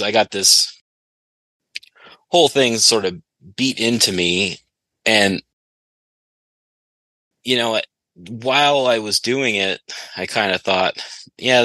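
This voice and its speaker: A man with a low voice and a bright, forceful edge rambles through a long story in casual podcast chat, laughing along the way. His voice is recorded close and dry. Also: slow, long pauses, dry recording, low-quality recording. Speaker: podcast guest.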